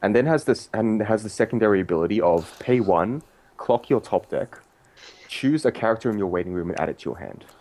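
A man's voice: fairly low pitch, lively intonation, a little fast, a little mellow, slight background noise. A man in a casual podcast chat, reviewing trading cards and reading out card text in an analytical way.

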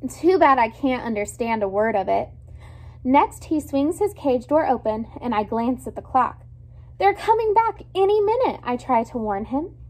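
A woman reads a children's chapter book aloud in a high voice. Her storytelling is expressive and lively, leaning into each scene. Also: moderate pace. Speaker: storybook reader.

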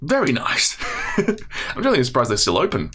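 A man's voice: medium pitch, huge pitch swings, normal speed. Young Australian guy, self-mocking podcast co-host, laughs a lot, slight background hiss. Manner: joking, swearing, self-mocking, laughs often. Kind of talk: casual podcast chat.

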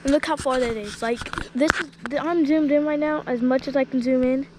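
A woman with a high, bright voice narrates a casual family vlog outside in a rural yard. She talks chattily to her phone camera and eggs a dog on with eager calls. Faint background noise runs underneath. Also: fairly quick. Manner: chatty, excitedly urging a dog on. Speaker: family vlogger. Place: outdoors in a rural yard and field. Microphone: handheld phone camera.

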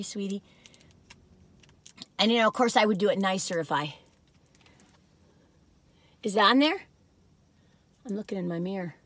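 An older woman chatting to her viewers in a rambling, talkative vlog from her car, with many asides and fillers. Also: on the high side. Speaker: vlog host reviewing cookies.

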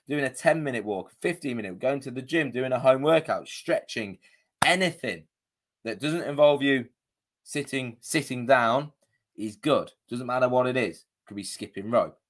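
A man coaching viewers on a live video, chatty and casual, often checking in with "okay?", his voice a bit worn. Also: medium pitch. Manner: chatty, punctuates with "okay?" and "you know". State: slightly losing his voice. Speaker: diabetes coach.

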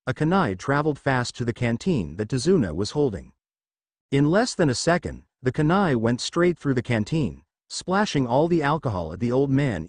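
A man narrating a fanfiction story in a steady storytelling read. His pitch moves around a lot, and the recording is dry and close with no room sound. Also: no room sound.

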